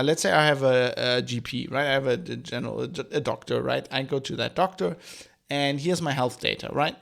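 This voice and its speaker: A man's voice: on the high side, creaky, fairly bright tone. A young man hosting a solo podcast, ranting sarcastically and swearing freely. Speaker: podcast host.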